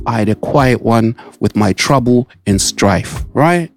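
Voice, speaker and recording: A man's voice: medium pitch, animated, unhurried, few pauses, slight background noise. A man, hosting a radio show in casual chat, repeating himself and saying "mate" and "all right". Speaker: radio host. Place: radio studio.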